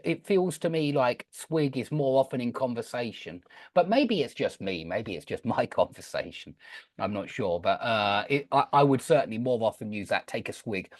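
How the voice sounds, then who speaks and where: An English teacher from Southend, Essex, speaks in a Southeast English accent close to RP, his medium-pitched voice recorded dry. Heard over a video call, he chats and explains words to an online group class, restarting often.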